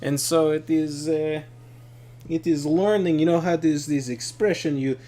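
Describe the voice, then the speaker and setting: A man's voice: a little high, unhurried, pitched above the performer's own voice, natural voice. A man putting on the voice of his earnest, rambling aunt who speaks broken English. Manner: excited, rambling, broken grammar.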